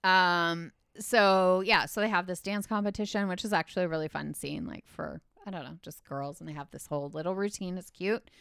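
A woman's voice: lowish voice, steady tone, fairly quick, vocal fry, hardly any pauses, a bit bright, smooth, no room sound, clean studio sound. A woman recapping a movie in casual chat, rambling and full of filler words.

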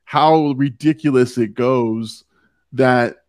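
A man's voice: medium pitch, takes it slowly, a little mellow. A man hosting a podcast, chatting casually about a movie, laughing often and reading quotes aloud. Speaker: podcast host. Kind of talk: casual movie review chat.

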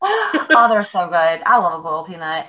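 Casting: young woman, chatty podcast co-host, bright forceful voice, dull lo-fi sound. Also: lowish voice, very animated, moderate pace, slight background noise. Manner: chatty, laughs often, many fillers. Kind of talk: casual chat.

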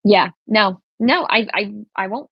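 A woman's voice: mid-range voice, a little slow, slightly rough, no room sound, highs cut off. A woman in her thirties co-hosting a podcast, wry and self-deprecating, often restarting her sentences. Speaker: podcast co-host. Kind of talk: casual chat.

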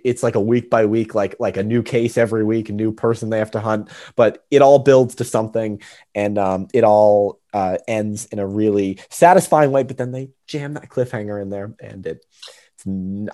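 A man's voice: fairly low pitch, dark tone. Casual young man hosting a podcast. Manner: hesitant, many restarts and fillers. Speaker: podcast host. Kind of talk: casual chat.

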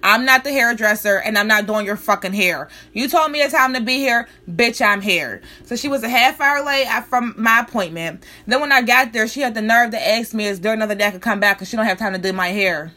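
Young woman, high voice, sharp and forceful tone, heated profane rant, confrontational storytime. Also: a little fast, few pauses. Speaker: law student.

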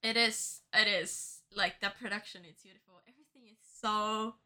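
A woman's voice: medium pitch, moderate pace. A woman speaking English as a second language, chatting animatedly with a co-host about TV shows. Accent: non-native English. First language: not English. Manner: animated, talks over her partner. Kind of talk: casual chat.

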